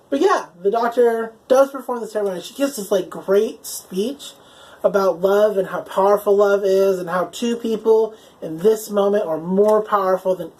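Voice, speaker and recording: A woman's voice: medium pitch, darkish tone, rough recording. A woman giving a casual, enthusiastic spoken recap of a TV episode. She leans heavily on "like" and "um" and swears now and then. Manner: chatty, heavy use of "like" and "um" fillers; enthusiastic, openly emotional. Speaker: TV episode reviewer.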